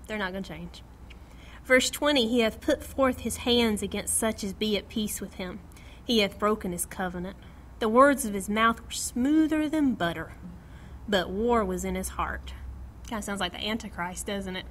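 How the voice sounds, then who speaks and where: A middle-aged woman leads a small-group Bible study, reading scripture aloud and animatedly acting out quotes while laughing often. Her voice is mid-range, with a little hiss or hum on the recording.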